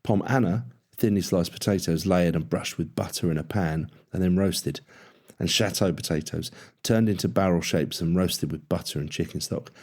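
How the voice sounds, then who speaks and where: A man with a very deep voice narrates an audiobook. His delivery is steady and measured, in scripted storytelling.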